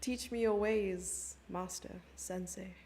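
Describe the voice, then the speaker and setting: A woman's voice: medium pitch, steady tone, slow, darkish tone, a little hiss or hum. A young South African woman commentating a chess stream live and chatting with her viewers in a giggly, casual way. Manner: chatty, giggly, reads chat messages aloud.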